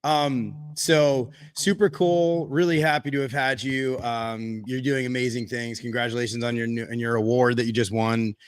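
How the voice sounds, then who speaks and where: A man of medium pitch hosts a casual podcast chat, friendly and a little halting as he restarts his phrases. The sound is dry and close. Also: fairly even intonation, clear, resonant tone, no room sound. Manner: friendly, halting, repeats himself. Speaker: podcast host.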